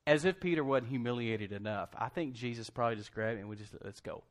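A man's voice: mid-range voice, fast. A man preaching a sermon, telling the story conversationally and in a folksy way, acting out quotes and laughing often. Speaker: pastor.

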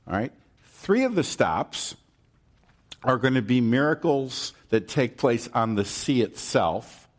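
A male preacher tells his sermon like a story, talking with his listeners rather than at them. He takes his time with a measured, unhurried pace, and his voice sits at an ordinary middle pitch until he jumps into the scenes he acts out. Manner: animated storytelling, acting out the disciples' panic in a high voice; conversational, checks in with the crowd.

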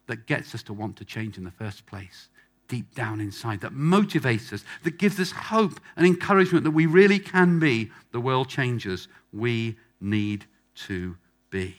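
A man's voice: mid-range voice, normal speed. A man preaching a sermon to a congregation in front of him, emphatic and fond of repeating phrases for effect. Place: church hall with a live congregation.

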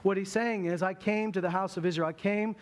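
A man's voice: sits high, fairly even intonation, a little fast. A man preaching a sermon in a church, telling stories with humor and acting out voices. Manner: humorous storytelling, acts out voices. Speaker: pastor.

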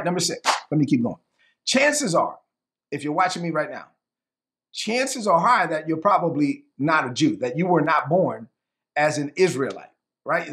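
Speaking to camera with a fairly high voice, a man preaches a sermon in a lively, conversational style. He often says things twice to drive a point home.

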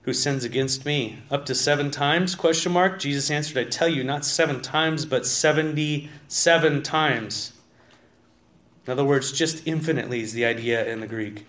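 A man's voice: medium pitch, normal speed, a bit bright. A man preaching a conversational sermon in a church, reading scripture aloud and asking his congregation questions. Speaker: pastor. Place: church sanctuary.

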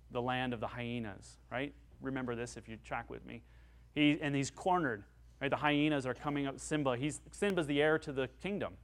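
A man preaching a sermon as a pastor, earnest and emphatic, building to rising peaks on his key points. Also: medium pitch.

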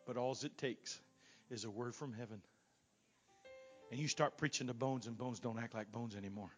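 A man preaching a revival sermon as a guest preacher in a church. He swings from loud shouting peaks down to quiet asides. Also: mid-range voice, steady tone, moderate pace, pauses often, faint music behind. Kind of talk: Pentecostal sermon. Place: church sanctuary.

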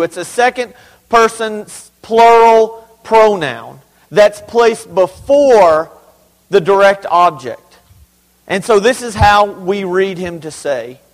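A man's voice: sits high, big-room sound, rough recording. A man preaching a sermon as pastor, emphatic and conversational, with humorous asides to his congregation. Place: church sanctuary.

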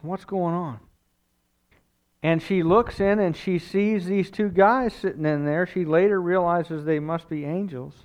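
A man preaching a sermon as pastor, telling the story in a conversational, animated way with casual asides. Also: high voice, measured pace.

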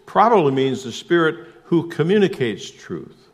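A man preaching a sermon as pastor, emphatic, asking rhetorical questions and shifting suddenly between loud and soft. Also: on the high side, big pitch swings, normal speed.

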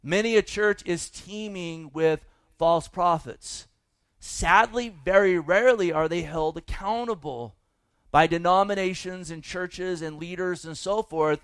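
High-voiced man preaching a folksy sermon. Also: unhurried, a bit bright, clean tone, dry recording. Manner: folksy, emphatic preaching with asides. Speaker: pastor.

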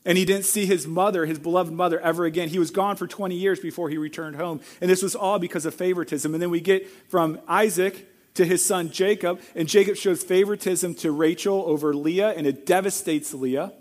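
A middle-aged man with a fairly high voice preaches a sermon as pastor. He speaks earnestly and directly to the congregation. He sometimes jumps into acted-out quotes at a much louder level. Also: fairly even intonation, a little fast, few pauses. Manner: earnest, acts out quoted lines with sudden loud outbursts.

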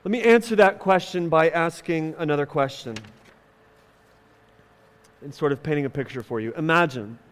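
A man preaching a sermon as a pastor, emphatic and dramatic, speaking God's words aloud. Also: on the high side. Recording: long hall reverb.

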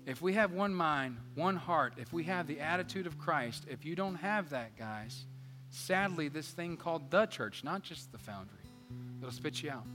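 A man preaching a sermon as pastor, energetic and joking, swinging between loud emphasis and quiet asides. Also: a little high. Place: church sanctuary. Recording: church hall reverb with faint guitar.

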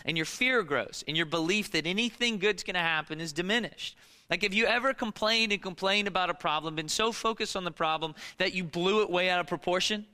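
Male pastor, bright and crisp, slightly high, emphatic sermon delivery with rhetorical questions. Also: in a large hall. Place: church.

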